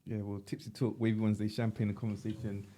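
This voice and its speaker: A man's voice: lowish voice, flat delivery, fast talker, warm tone. A man hosting a casual chat show, tipsy and playful, using slang and plugging the show. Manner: loose, playful, uses slang, plugs the show. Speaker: host.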